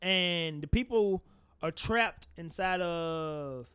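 A high, bright-voiced man holds forth on a casual podcast. He talks animatedly and swears freely. The sound is close and dry. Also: takes it slowly, smooth, no echo. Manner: animated, swearing, laughs often. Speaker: podcast co-host. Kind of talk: casual chat.

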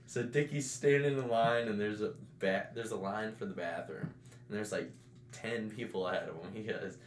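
A man telling a funny story in casual chat, breaking into loud shouted impressions. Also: on the low side, moderate pace. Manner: animated, loud shouted impressions of his dad's friends. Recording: echoey room.

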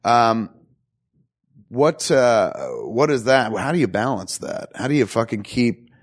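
A man hosting a casual conversation, animated, acting out quoted voices and swearing freely. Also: mid-range voice, measured pace.

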